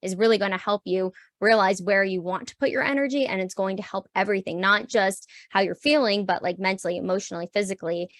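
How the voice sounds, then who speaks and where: A woman's voice: medium pitch, quick pace, few pauses, dry recording. Casting: woman podcast host, mid-range voice, dry close sound, chatty and affirming. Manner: warm, affirming, laughs often. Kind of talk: casual interview chat.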